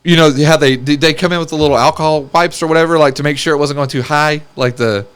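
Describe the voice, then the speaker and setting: Animated storytelling man on a podcast. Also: a little high, fast talker, clean tone. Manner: animated storyteller acting out quoted voices. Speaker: podcast host. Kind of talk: casual chat.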